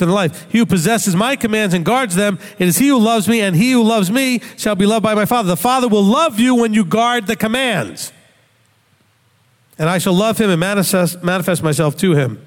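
A man's voice: high-pitched, lively intonation, normal speed, big-room sound. A man giving a Bible study talk in a conversational teaching manner, tossing in rhetorical questions.

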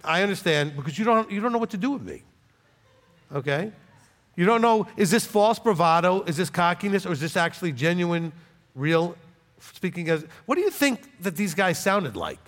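Brief: male preacher, high and very expressive voice, blunt and confrontational, long reverb. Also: moderate pace. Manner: blunt, combative, conversational. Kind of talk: informal Bible teaching.

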